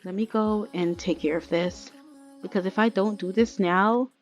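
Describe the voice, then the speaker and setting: A woman voicing an anxious, secretive young pregnant woman who talks in hesitant, halting bursts, as she voices characters in a game let's play. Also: medium pitch, fairly even intonation, faint music behind, natural voice. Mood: worried.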